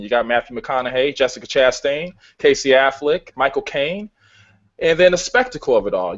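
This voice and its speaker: A man's voice: medium pitch, lo-fi sound. A man debating a film in casual talk, emphatic and heavy on swearing. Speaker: film reviewer.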